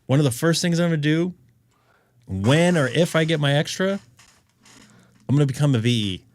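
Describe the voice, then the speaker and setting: A man's voice: a little high, animated, normal speed. A man hosting a ham radio live stream, chatting in a rambling, jokey way and laughing often. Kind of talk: casual chat on a live stream.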